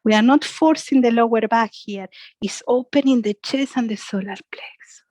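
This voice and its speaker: A woman guiding a yoga class with soft, slow cues and a frequent questioning "yeah?", speaking English as a second language. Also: a little high, dry recording, low-quality recording. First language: Spanish. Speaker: yoga instructor.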